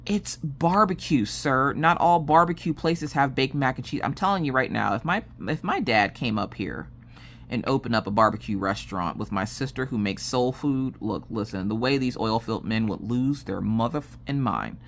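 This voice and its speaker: A woman's voice: extremely low pitch, moderate pace, a little hiss or hum. A woman vlogger chatting casually about her day while working on a diamond painting craft. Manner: animated, lively storytelling with acted quotes and laughs.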